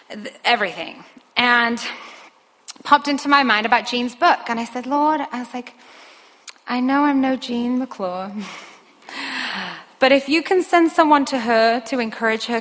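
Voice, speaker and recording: A woman's voice: a little high, sharp tone. A woman in her thirties telling a personal story in an earnest, rambling way, with many fillers and restarts. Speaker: mother sharing a personal testimony. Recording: long hall reverb.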